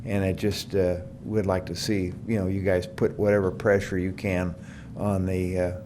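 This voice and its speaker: A man's voice: low-pitched, level tone, moderate pace, background noise. An older man, a great-grandparent, speaking plainly and rambling a bit during public comment at a council meeting.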